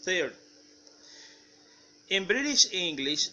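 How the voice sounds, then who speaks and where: A man whose first language is Spanish, presenting a class project and reading pairs of example words in measured steps. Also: high voice, sharp tone. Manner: reads word lists in measured steps. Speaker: student presenter. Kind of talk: slow reading of word examples.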